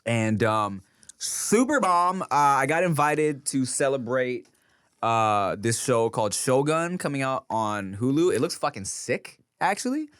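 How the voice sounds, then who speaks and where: Animated, swearing male podcast host. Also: mid-range voice, unhurried, clear, resonant tone, no echo, studio quality. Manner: animated, profane storytelling with many fillers. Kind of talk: casual chat.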